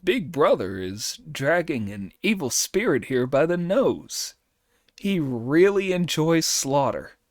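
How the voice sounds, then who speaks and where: A man's voice: a little high, very animated, slow, no echo, studio quality, pitched above the performer's own voice. Male reader as an eager storybook disciple, slightly raised. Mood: earnest. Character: loyal, earnest male monk disciple.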